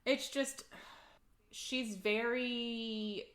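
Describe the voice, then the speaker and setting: A woman's voice: fairly high pitch, fairly even intonation, very slow, a bit bright. A woman co-hosting a casual book-club podcast, retelling the plot loosely, with lots of "like" and the odd swear. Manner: chatty recap with lots of "like" and swearing. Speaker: podcast co-host.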